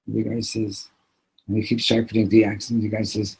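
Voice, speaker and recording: A man teaching a Torah class, telling stories in an animated way, acting out the characters and sprinkling in Yiddish and Hebrew words. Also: lowish voice, moderate pace, slightly rough, poor audio.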